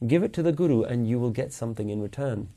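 A man giving a Sikh religious lecture at a weekly class, earnestly questioning his listeners and slowly chanting scripture lines. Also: medium pitch, animated, mellow. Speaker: Sikh teacher.

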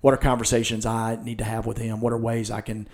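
Man, church podcast host, earnest, gravelly low-fry voice, storytelling delivery. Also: completely flat delivery, quick pace, darkish tone. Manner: earnest, retells scenes with quoted lines.

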